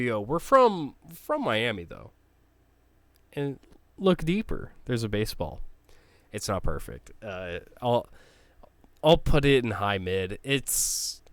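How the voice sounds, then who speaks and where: A man talking in a casual, blunt, ranting way, cursing and restarting his sentences often. His voice is smooth and clear, recorded dry and close, with no room sound. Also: medium pitch, no room sound. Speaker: sports logo ranker. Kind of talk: casual opinionated commentary.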